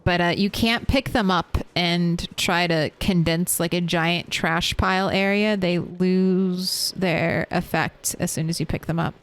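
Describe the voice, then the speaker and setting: A woman's voice: lowish voice, steady tone, unhurried, few pauses. A woman streaming a survival game, chatting casually and answering her chat as she plays. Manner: chatty, reads and answers chat while playing.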